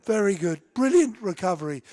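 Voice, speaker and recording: A man's voice: high-pitched, sing-song, fairly quick, dark tone, no room sound. A man giving live radio cricket commentary, enthusiastic and emphatic, often repeating himself. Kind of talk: radio sports commentary chat.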